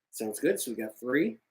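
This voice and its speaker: Male co-host, loose jokey chat, average-pitched voice. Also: a little mellow, poor audio. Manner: joking, laughs often. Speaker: podcast co-host. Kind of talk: casual banter.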